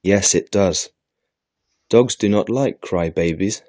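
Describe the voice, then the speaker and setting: A man's voice: low-pitched, slow, darkish tone, no echo, studio quality. A man voicing a young boy who teases his little sister in a storybook lesson. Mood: teasing. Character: teasing young boy, older brother.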